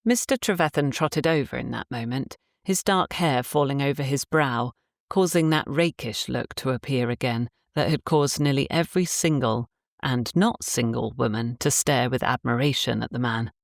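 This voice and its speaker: In a clean studio recording with no echo, a woman with a very deep voice narrates a romance audiobook. Her scripted storytelling is measured and even.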